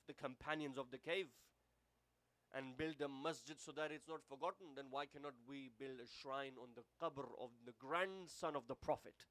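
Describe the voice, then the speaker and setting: British guy preaching, fairly high voice, swings from fired-up to quiet and solemn, dry close sound. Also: dry recording. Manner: impassioned, rising to emphatic peaks then dropping to hushed tones. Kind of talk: sermon.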